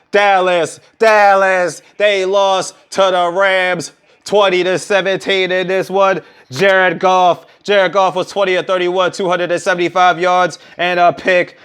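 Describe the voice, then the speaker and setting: Man, fairly high voice, smooth and clear, lively football recap, trash talk. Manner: energetic, trash-talking, repeats "bottom line is". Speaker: sports recap vlogger. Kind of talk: casual sports recap monologue.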